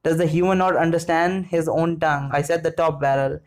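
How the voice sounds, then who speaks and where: Greedy suspicious dwarf at the bar, read flat by a guy with a higher voice. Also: fairly quick, close to an everyday voice. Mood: scoffing.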